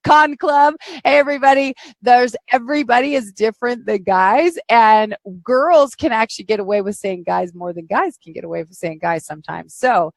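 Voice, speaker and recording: A bubbly middle-aged American woman hosts a live-streamed podcast, her voice sitting fairly high. She teases her guest and laughs easily, heard close and dry over a video call. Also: moderate pace, hardly any pauses, dry recording. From United States. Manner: bubbly, laughs often, teasing. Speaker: podcast host. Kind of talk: casual live-stream chat.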